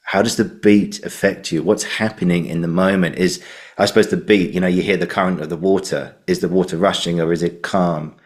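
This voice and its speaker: A man's voice: low-pitched, steady tone, fairly quick. A man hosting a podcast interview, rambling loosely through stories with lots of fillers. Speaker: podcast host. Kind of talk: casual interview chat.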